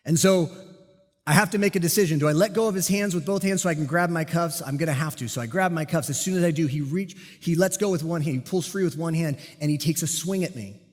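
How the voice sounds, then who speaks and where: A man preaching a sermon, telling a personal police story with lively, self-deprecating humor. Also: fairly high pitch, fast talker. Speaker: pastor and police officer. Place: church sanctuary. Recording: long hall reverb.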